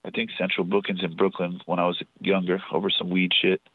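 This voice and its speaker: A man's voice: sits low, completely flat delivery, fairly quick, breathy edge, no room sound, narrow, tinny audio. A man from New Jersey telling profane, rambling stories as a podcast guest. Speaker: podcast guest, show promoter. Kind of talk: casual storytelling.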